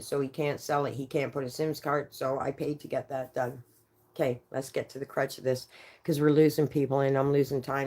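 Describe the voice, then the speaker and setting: A woman from Canada telling a rambling, profane story live to an audience, full of quick asides. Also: sits low.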